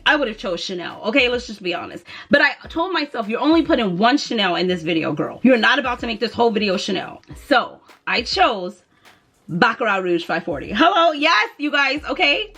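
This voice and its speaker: A woman's voice: fairly high pitch, a bit bright. A woman talking casually to camera as a fragrance vlogger, chatty and dramatic, with playful asides.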